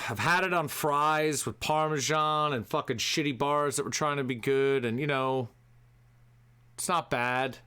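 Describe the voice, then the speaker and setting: A man hosting a live show, ranting profanely and swinging between shouting and muttering to himself. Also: on the high side, steady tone, a little slow, clean tone. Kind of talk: profane comedic rant.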